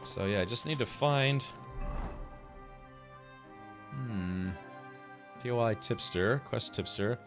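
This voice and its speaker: A man's voice: mid-range voice, takes it slowly, pauses often, music in the background. A man streaming a video game, casually thinking aloud and chatting with viewers in a rambling way. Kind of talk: casual gameplay commentary.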